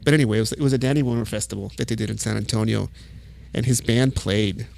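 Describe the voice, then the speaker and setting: Gravelly man telling profane stories. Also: fairly low pitch, quick pace, a little hiss or hum. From El Paso, Texas. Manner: profane, animated storytelling with acted quotes. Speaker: podcast guest, music photographer. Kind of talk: casual storytelling.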